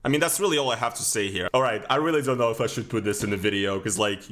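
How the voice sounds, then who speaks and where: A man's voice: lowish voice, fast talker, few pauses, a bit bright, a little hiss or hum. A man reacting to videos as a streamer, exasperated and sarcastic, swearing often.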